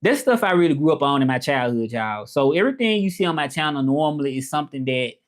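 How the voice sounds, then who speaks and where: Laid-back Memphis man chatting on stream. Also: mid-range voice. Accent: Memphis Southern. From Memphis, Tennessee. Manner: laid-back, rambling, frequent fillers and "you know what I'm saying". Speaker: livestream host. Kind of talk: casual livestream chat with viewers.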